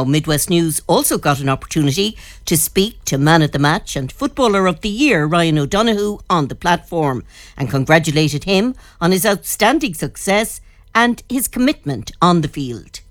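A woman's voice: deep voice, animated, moderate pace, no echo, clean studio sound. A woman, a local news reporter narrating a report and asking admiring interview questions.

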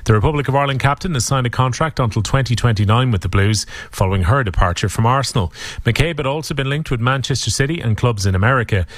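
A male sports newsreader works through the results in a steady, measured read. His voice sits at an ordinary middle pitch. The studio sound is dry and close. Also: no room sound. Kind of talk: scripted sports bulletin.

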